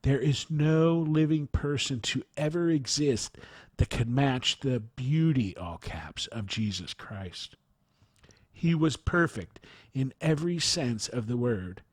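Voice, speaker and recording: A man reads a written testimony aloud in a slow, earnest voice. His voice sits in a middle range, and the sound is close and dry. He even speaks the punctuation marks as he reads. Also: medium pitch, slightly rough, dry recording. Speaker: narrator reading a near-death account.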